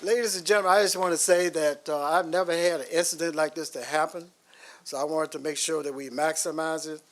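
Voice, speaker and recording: A man presents awards at a public meeting, his voice a little on the high side. He speaks formally, pausing and restarting as he goes. Faint background noise sits under the recording. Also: steady tone, a crowd in the background. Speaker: board official presenting awards.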